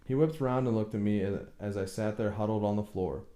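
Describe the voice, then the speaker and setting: A man reading a novel aloud as an audiobook narrator, slow and measured. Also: on the low side, mellow, reverberant. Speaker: audiobook reader.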